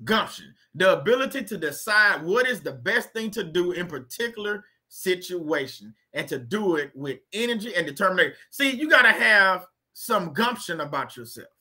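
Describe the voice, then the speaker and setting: A man's voice: high-pitched, big pitch swings, moderate pace, few pauses, pushed and bright. A man hosting a casual, faith-based motivational talk, speaking in a colloquial, preachy way and repeating his points for emphasis. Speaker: host.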